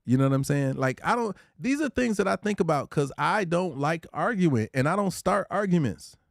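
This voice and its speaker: A man hosting a casual livestream, talking through relationship advice in an easygoing, preachy way and shouting out his chatters by name. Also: on the high side, lively intonation, moderate pace, vocal fry, no echo, clean studio sound. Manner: reads out viewer comments and shouts out chatters; laid-back, conversational, preachy about relationships. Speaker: livestream host.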